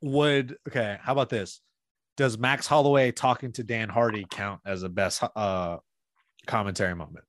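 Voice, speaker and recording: Slangy, relaxed male co-host. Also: on the low side, normal speed, no echo. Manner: loose slangy talk. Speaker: podcast co-host. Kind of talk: casual chat.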